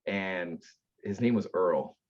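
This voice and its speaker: Earnest man telling stories, low voice. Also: slow, lo-fi sound. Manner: earnest, animated storyteller with repeated restarts. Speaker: guest, aftercare company founder. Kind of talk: conversational storytelling.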